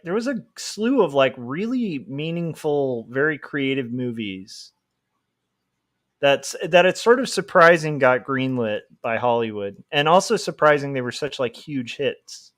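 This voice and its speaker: Young male streamer, chatty and giggly, animated pitch, casual desk-mic talk. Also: normal speed. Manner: chatty, giggly, rambling with many fillers. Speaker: livestreaming comic artist. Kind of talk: casual livestream chat while drawing.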